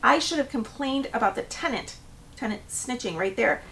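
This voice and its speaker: Woman, middle-aged, storytime vlog, high voice, a little distant from the mic. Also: moderate pace, vocal fry, a little hiss or hum. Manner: animated storytelling, acts out quoted voices. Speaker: property manager.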